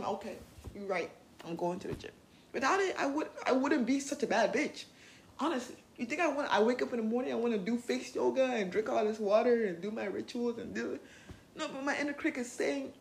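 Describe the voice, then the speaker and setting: A woman's voice: a little high, lively intonation, a little fast, slight background noise. A woman hosting a podcast, giving casual self-help talk in a blunt, profane and playful way. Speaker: podcast host.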